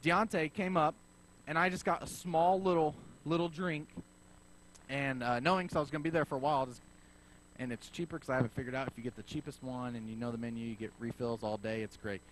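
A man preaching a sermon as pastor, telling a story in a lively way and acting out both sides of the conversation. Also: medium pitch, fast, a little hiss or hum, rough recording. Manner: animated storyteller acting out dialogue.

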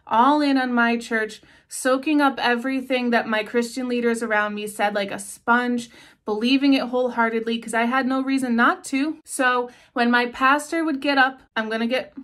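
Woman vlogger, kinda high voice, earnest and emotional, holding back tears. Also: steady tone, normal speed, a bit bright. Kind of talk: passionate commentary.

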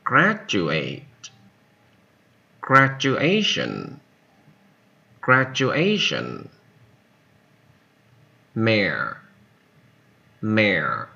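A man reading vocabulary words one at a time, each said twice with long pauses, as in a language lesson. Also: on the low side, vocal fry, pushed and bright. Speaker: vocabulary reader. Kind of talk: slow word-by-word vocabulary reading. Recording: dull lo-fi recording.

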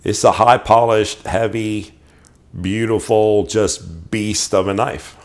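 A man's voice: lowish voice, fairly even intonation, takes it slowly. A middle-aged man casually showing off his knives, enthusiastic and rambling, often restarting his sentences. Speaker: knife collector reviewing knives. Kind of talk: casual show-and-tell.

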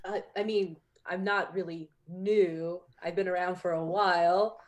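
A woman's voice: lowish voice, fairly even intonation, measured pace, lightly acted. A woman voicing a casual, unbothered female ghost who talks in a hesitant, offhand way. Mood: wry.

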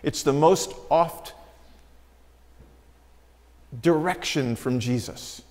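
A man preaching a sermon as pastor, telling a Bible story and acting out the quoted lines with changes in pitch and loudness. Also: drawn-out words. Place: church sanctuary. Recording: church sanctuary with long reverb.

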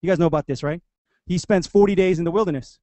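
A man's voice: sits high, fast talker, dark tone, no echo. A man in his thirties, a pastor giving a chatty sermon, joking and acting out the people in the stories. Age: 30s. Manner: chatty and joking, acts out voices of the story. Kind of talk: casual sermon.

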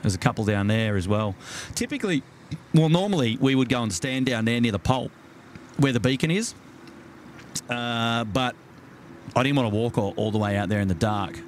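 A man's voice: mid-range voice, expressive, moderate pace, slight background noise. Chatty Australian man hosting outdoors. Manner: chatty, greets viewers by name, frequent fillers. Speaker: live stream host. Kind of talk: casual live stream chat. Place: outdoors at night by a waterfront jetty.

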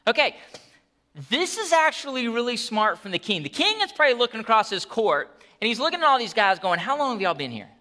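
A man preaching a sermon as pastor, telling the story in an animated, conversational way with asides. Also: very high voice, brisk.

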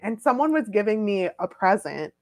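A young adult woman telling funny personal stories in a casual, animated chat, full of "like" fillers. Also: mid-range voice, normal speed. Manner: chatty, filler-heavy, animated.

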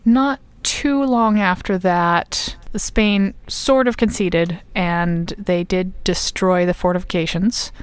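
A woman's voice: on the low side, fairly even intonation, takes it slowly, hardly any pauses, clean tone, no room sound. A woman co-hosting a casual history podcast, explaining at length with plenty of ums and uhs. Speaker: podcast co-host.

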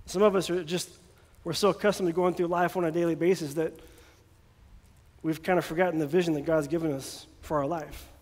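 A man's voice: a little high, steady tone, fairly quick. A man preaching a sermon in a casual, joking way, sometimes acting out voices, recorded in a church. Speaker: pastor. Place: church sanctuary. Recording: long hall reverb.

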